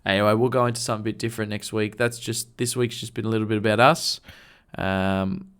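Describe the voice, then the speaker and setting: A man's voice: fairly low pitch, level tone, quick pace, fairly bright tone, clean tone. A man co-hosting a podcast, chatting casually and telling work stories bluntly, with some swearing. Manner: blunt, storytelling, swears freely. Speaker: podcast co-host. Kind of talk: casual chat.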